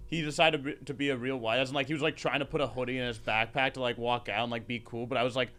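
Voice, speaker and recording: A young man co-hosting a podcast, chatting casually in halting phrases full of "like" and restarts. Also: mid-range voice, fairly even intonation, fairly bright tone. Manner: halting, heavy filler "like", many restarts. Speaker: podcast co-host. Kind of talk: casual chat.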